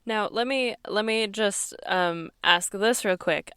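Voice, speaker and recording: A woman's voice: mid-range voice, takes it slowly, bright, forceful tone, clean tone, no echo, studio quality. A woman co-hosting a podcast, chatty and playful, asking questions. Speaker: podcast co-host. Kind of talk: casual chat.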